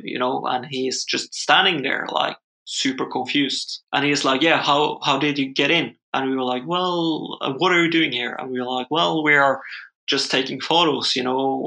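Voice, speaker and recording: Bright gravelly young man telling a story. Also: medium pitch. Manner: rambling, full of "like" fillers. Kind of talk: casual chat.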